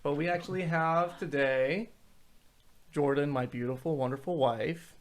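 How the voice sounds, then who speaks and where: A man's voice: fairly high pitch, unhurried. Male podcast host, easygoing and casual, chatting at a shared mic. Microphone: shared microphone.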